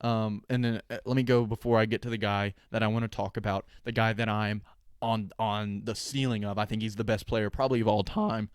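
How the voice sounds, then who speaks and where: A man's voice: on the low side, little pitch movement, a little fast, smooth, no room sound, clean studio sound. A young man hosting a sports podcast, talking casually with sarcastic, opinionated jokes. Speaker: podcast host.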